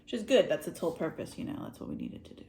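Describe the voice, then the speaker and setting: A woman's voice: deep voice, wildly swooping pitch, rapid-fire, vocal fry, dark tone, slight background noise. A young woman chatting casually and joking while crafting at home with a friend. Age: young adult. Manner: playful, jokey, laughs often. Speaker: vlogger. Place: home, indoors.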